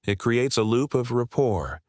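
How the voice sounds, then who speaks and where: A man giving scripted narration in a measured, confident storytelling manner, asking the listener rhetorical questions. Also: medium pitch, animated, a little mellow, no echo, clean studio sound.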